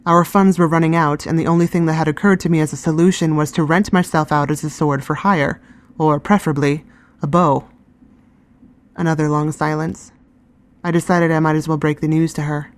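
A woman giving calm, scripted first-person narration of a fantasy story. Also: low voice.

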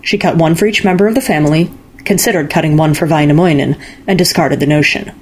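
A woman reading a fairy-tale story aloud in calm, measured narration. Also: deep voice, a little hiss or hum. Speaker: story reader. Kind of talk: scripted narration.

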